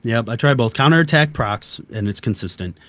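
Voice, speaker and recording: A man's voice: medium pitch, animated, fairly quick, no room sound. A man being interviewed about a video game, giving detailed technical explanations in a casual chat. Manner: detailed, technical explanations, soft-spoken asides.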